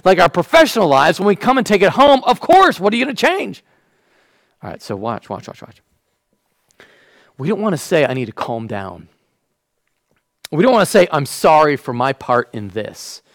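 A man preaching a sermon as a pastor. He acts out the quotes and drops to a hush when he wants a point to land. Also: sits high, big pitch swings, a little fast, no echo, low-quality recording.

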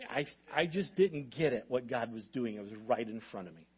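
A man pastor preaching a sermon as a lively story, acting out the dialogue and building to loud bursts. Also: mid-range voice, a little fast, slightly rough, dull audio. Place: church sanctuary.

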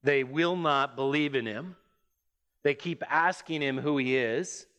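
A man preaching a sermon, reading scripture and explaining it with measured emphasis. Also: a bit bright, dull audio. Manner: measured, emphatic preaching that rises in pitch as it builds.

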